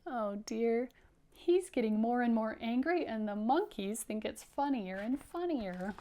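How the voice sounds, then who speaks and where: A woman with a fairly high voice reads a children's story aloud to young listeners, animated and encouraging. She speaks slowly and clearly and invites them to repeat the lines after her. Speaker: teacher reading aloud.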